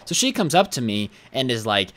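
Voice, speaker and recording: Young male YouTuber, mid-pitched, blunt and animated storyteller, casual. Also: brisk.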